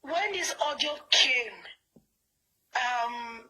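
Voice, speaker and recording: A woman's voice: on the high side, expressive, extremely slow, bright, forceful tone, breathy edge, low-quality recording. A woman with a Nigerian accent, calling in angry and insistent, pressing her points hard with repeated words. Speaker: caller. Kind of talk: heated phone call.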